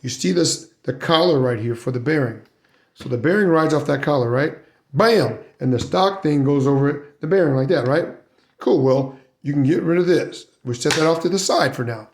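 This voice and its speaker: A man's voice: fairly high pitch, creaky, a little mellow, reverberant. A man giving a casual hands-on how-to demonstration, chatty and often checking in with "right?" and "guys". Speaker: RC hobby video maker.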